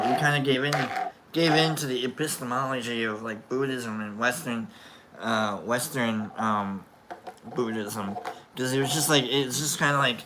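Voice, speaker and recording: A man hosts a casual chat show, rambling, restarting himself often and tossing in jokes. His mid-range voice is bright and forceful, with a faint hiss or hum in the audio.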